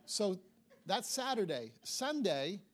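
A man delivers a sermon to a congregation, telling a personal story and slipping into the other people's voices as he goes. His voice sits a little higher than most men's. He sounds middle-aged. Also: takes it slowly. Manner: animated storytelling, acts out dialogue. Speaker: pastor.

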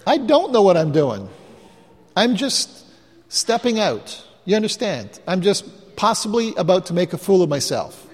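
A man, a pastor, tells stories from the pulpit in a chatty, self-mocking way, tossing in quick asides to the congregation. His voice sits a touch high for a man. It is a live recording in a large hall, with a long reverb ringing after each phrase. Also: very animated, husky. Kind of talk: storytelling sermon to a live congregation.

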